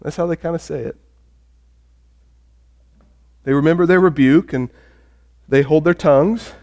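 A man preaching a sermon in a notably high voice, lively and expressive. He asks the congregation questions and acts out the voices in the story. He swings from loud emphatic lines down to soft, hushed ones. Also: a little slow. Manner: animated, acts out quoted voices, shifts between loud emphasis and quiet. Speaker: pastor.

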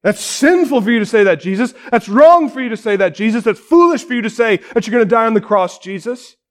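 A man's voice: very high-pitched, lively intonation, fast talker. A preacher voicing a flustered, chatty male disciple who stammers and blurts things out when scared. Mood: scolding. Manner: stammering, bumbling.

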